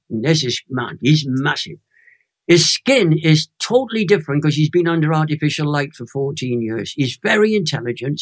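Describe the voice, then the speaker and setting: A Welsh man in his eighties, an evangelist emphatically telling a personal faith story in a chat interview. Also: a little high. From Wales. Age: 80s. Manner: animated storyteller, emphatic and emotional. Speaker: guest evangelist.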